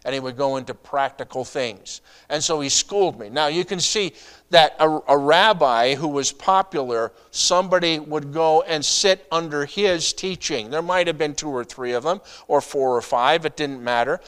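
A middle-aged pastor preaching a sermon in a conversational way, asking the congregation rhetorical questions and adding asides. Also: male voice, a little high, normal speed, a bit bright, clear, resonant tone.

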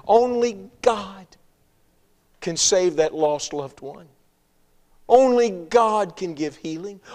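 A man preaching a sermon in an emphatic, repetitive style, firing rhetorical questions and dropping humorous asides. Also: on the high side. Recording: long hall reverb.

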